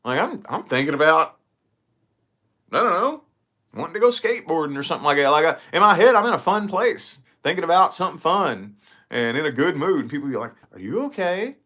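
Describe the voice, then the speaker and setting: A man's voice: fairly high pitch, fairly quick. A man chatting casually to camera in his vlog, rambling and profane as he tells stories. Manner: rambling, profane, animated storytelling. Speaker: vlogger.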